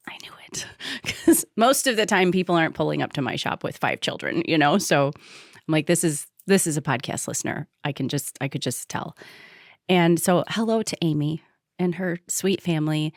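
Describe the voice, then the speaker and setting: A woman's voice: fairly low pitch, no echo, clean studio sound. A middle-aged woman co-hosting a podcast, telling a story in a casual, emotional, tearful way. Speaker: podcast co-host. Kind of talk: casual chat.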